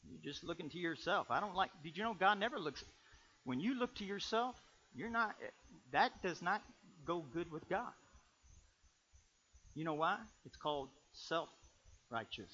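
A male pastor preaching with a bright, forceful, fairly high voice. He swings between loud bursts and quiet, confiding asides. The recording sounds dull and lo-fi. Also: expressive, moderate pace, pauses often, slight background noise. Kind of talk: sermon.

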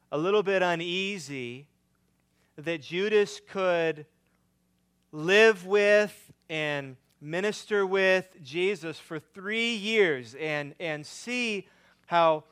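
Pastor guy preaching, slow and clear, gets loud then drops real quiet. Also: sits high. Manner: earnest preaching, swings between loud emphasis and hushed lines. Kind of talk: sermon.

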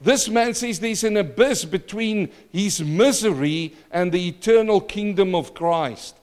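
A man preaching a sermon in a church, dramatic and repetitive, swinging between loud outbursts and hushed asides. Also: sits high, a little slow, long reverb tail.

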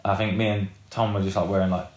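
Rock guitarist guest: man, low voice, loose rambling talk, echoey room. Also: level tone, quick pace, darkish tone. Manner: rambling, heavy on fillers and swearing. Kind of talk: casual interview chat.

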